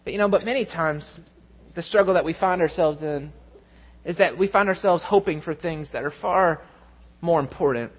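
A man preaching a sermon, telling a family story with lively, animated delivery. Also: a little high, moderate pace, breathy edge, highs cut off. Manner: storytelling, animated, mimics voices in anecdotes. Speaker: pastor.

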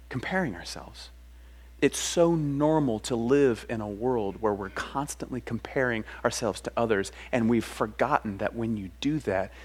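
A male pastor preaching in a relaxed, conversational way. He is earnest and often stumbles and restarts phrases, and his voice is mid-pitched. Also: slightly rough. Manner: conversational, earnest, with many restarts and acted quotes. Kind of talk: sermon.

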